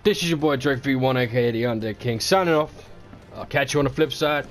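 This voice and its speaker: A man's voice: medium pitch, a little fast, soft background music. A man giving live gameplay commentary, swearing and trash-talking as he reacts to the match. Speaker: gaming commentator.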